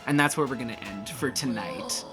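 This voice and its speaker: Lively man running a tabletop game. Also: mid-range voice, normal speed, over music. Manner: lively, full of fillers. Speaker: game master.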